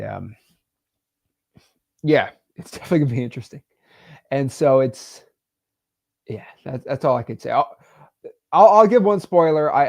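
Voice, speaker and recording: A young man hosting a live stream, talking emotionally and haltingly, repeating words and sighing. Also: medium pitch, creaky, dry recording, studio quality. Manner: halting, repeats words, sighs, swings between loud and quiet.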